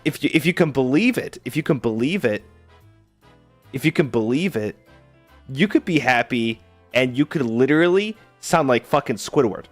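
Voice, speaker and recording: A man's voice: mid-range voice, lively intonation, moderate pace, no echo, faint music behind. A man streaming live, chatting casually with viewers in a sarcastic, argumentative way.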